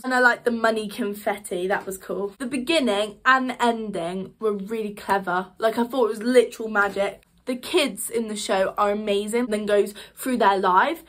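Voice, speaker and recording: A young woman talks straight to camera, reviewing a show she loved. Her voice sits a little on the high side, and she gushes in a chatty rush, dropping fillers between every thought. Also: a bit bright. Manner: gushing, chatty, lots of "like" fillers. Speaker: vlogger reviewing a musical. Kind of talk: excited casual review.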